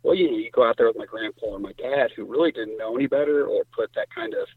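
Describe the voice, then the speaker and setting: A middle-aged man from Indiana, a hunter telling stories in casual talk and jumping up in pitch when he quotes others. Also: fast, breathy edge, dry recording. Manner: animated storyteller, voice jumps high when quoting others. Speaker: guest hunter. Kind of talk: casual storytelling. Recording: tinny phone line.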